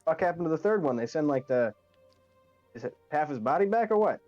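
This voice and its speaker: A man's voice: on the high side, lively intonation, fairly quick, a little mellow. Blunt skeptical guy playing a tabletop game, swears, dull lo-fi audio, faint music. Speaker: player. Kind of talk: in-character tabletop play.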